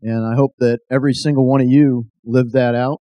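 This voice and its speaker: A man's voice: medium pitch, steady tone, brisk, no echo, dull audio. A middle-aged American man giving an earnest testimony speech that builds to an emphatic call to action. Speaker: speaker.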